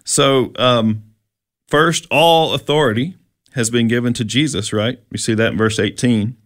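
A man's voice: medium pitch, measured pace, fairly bright tone, dry recording, studio quality. A man leading a conversational Bible teaching, explaining step by step and asking his listener questions.

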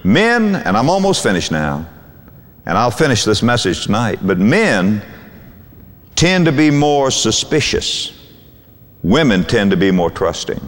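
An older man preaching a sermon in a folksy, animated way, acting out quotes from husbands and wives. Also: lowish voice, unhurried, in a large hall.

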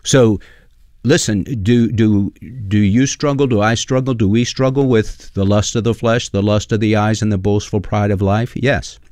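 A man's voice: on the low side, fairly even intonation, moderate pace, a little mellow, dry recording, clean studio sound. A man preaching a sermon in an earnest, conversational way, with frequent fillers as he reads and explains scripture.

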